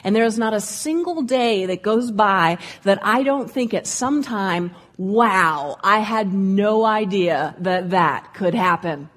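A man's voice: high-pitched, expressive, slow, few pauses, fairly bright tone, pitched below the performer's own voice, exaggerated voice. A woman voicing a veteran male kids' ski instructor, amused and marveling, close to her own voice. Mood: wry.

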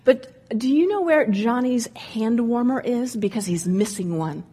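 A woman's voice: on the high side, lively intonation, measured pace, warm tone. A woman doing a prim, fussy mom. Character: fussy mother of a ski student.

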